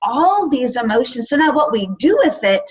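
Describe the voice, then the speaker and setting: A woman hosting a podcast, chatting casually and telling stories in quick, lively bursts. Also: high-pitched, husky. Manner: lively, explains research in quick storytelling bursts. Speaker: podcast host. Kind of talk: casual interview chat. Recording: muffled lo-fi audio.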